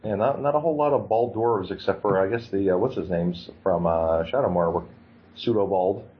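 A man co-hosting a podcast in casual chat, lively and given to quick mock voices. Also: low-pitched. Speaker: podcast co-host. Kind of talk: casual chat about card games. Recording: slightly dull lo-fi audio.

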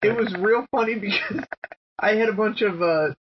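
Laid-back podcast guy who laughs a lot. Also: high-pitched. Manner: laid-back, laughs often, halting restarts. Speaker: podcast co-host. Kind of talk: casual storytelling chat. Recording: dull lo-fi podcast audio with faint hiss.

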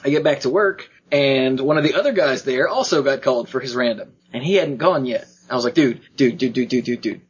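A man with a husky, slightly breathy voice tells a rambling personal story in casual chat, jumping into quoted voices of the people in it and laughing along the way. His pitch sits in an ordinary middle range. The recording is dull and lo-fi. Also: a little fast, few pauses. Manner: animated, acts out quoted voices, laughs often. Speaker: podcast co-host.

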